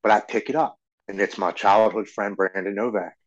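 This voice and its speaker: Man in his forties, low voice, earnest halting storytelling, dull lo-fi sound. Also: fairly even intonation. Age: 40s. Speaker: podcast guest. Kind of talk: personal recovery story.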